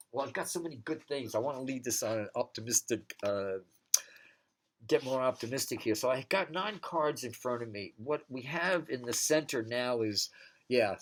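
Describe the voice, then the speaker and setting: A man with a bright, forward voice talks his way through a tarot spread as a psychic, loose and conversational. He drifts between cards and side stories, with a faint hiss sitting under the voice. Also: medium pitch. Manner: rambling, digressive. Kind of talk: casual spoken tarot reading.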